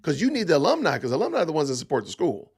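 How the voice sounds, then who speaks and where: This middle-aged podcast host speaks very fast in a fairly high, breathy voice with huge swings in pitch. His commentary is opinionated, driven by emphatic rhetorical questions, and he repeats himself a lot.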